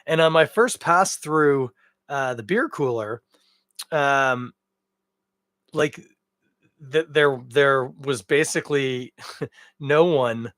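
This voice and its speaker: A man's voice: medium pitch, very slow, long pauses, fairly bright tone, no room sound. A man hosting a podcast, giving a casual, jokey solo beer review full of rambling tangents. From Canada. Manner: chatty, jokey asides, drifting tangents.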